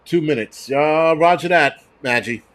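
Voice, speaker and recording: A man's voice: a little high, unhurried, a bit bright. A man, ranting and swearing loosely on a casual livestream. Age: 40s. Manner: profane, ranting, mocking. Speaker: livestream host.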